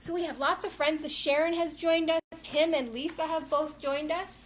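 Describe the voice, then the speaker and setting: A woman's voice: sits high, fairly even intonation, moderate pace, slight background noise. A woman children's yoga instructor reading a storybook aloud and guiding children through poses at home, upbeat and encouraging, calling them "friends". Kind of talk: reading a storybook while leading kids' yoga. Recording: roomy sound from a distant mic with faint ambience.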